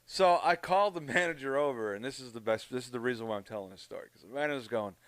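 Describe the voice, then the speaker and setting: A man's voice: medium pitch, brisk, a bit bright, clear, resonant tone, no room sound. Profane Canadian storyteller, man. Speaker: podcast co-host. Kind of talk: casual chat.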